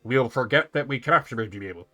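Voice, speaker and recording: A man voicing a haughty female alien hive ruler from a video game, reading her lines slowly and solemnly. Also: medium pitch, expressive, bright, forceful tone. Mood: imperious. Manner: slow, solemn, commanding delivery. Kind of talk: reading game dialogue aloud in a voice.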